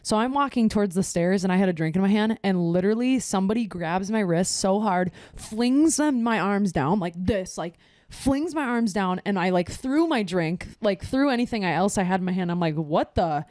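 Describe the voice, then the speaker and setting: A young woman hosting a casual chat, telling a rambling, animated story full of "like" and laughter. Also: mid-range voice, fairly quick, no echo, clean studio sound.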